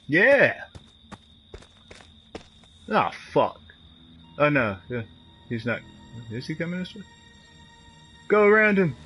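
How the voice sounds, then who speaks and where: A man's voice: a little high, very slow, pauses often, breathy edge, soft background music, poor audio. A man streaming a game, trash-talking in loose, profane commentary. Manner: profane, animated trash talk. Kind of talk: live gameplay commentary.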